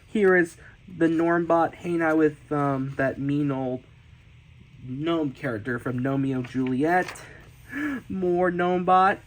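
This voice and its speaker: Man, slow delivery, eager sketchbook tour, repeats himself, bursts of excited squeals. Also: fairly high pitch, rough recording. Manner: enthusiastic, repeats words and restarts, sudden excited squeals. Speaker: artist showing his sketchbooks. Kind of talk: casual sketchbook tour narration.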